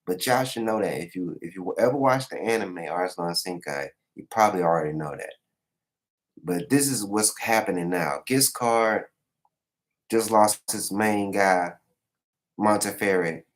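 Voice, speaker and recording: A man recapping manga chapters in a casual live reaction, animated and profane, acting out the characters' lines. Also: on the low side, unhurried. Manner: animated, acts out the characters' lines in raised voices, swears freely. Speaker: manga reviewer.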